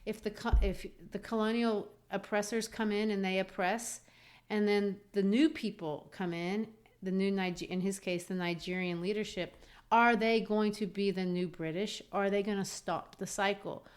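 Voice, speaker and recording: A woman's voice: mid-range voice, fairly even intonation, normal speed. A woman co-hosting a literature podcast, animatedly discussing a play and acting out quotes from it. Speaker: podcast co-host.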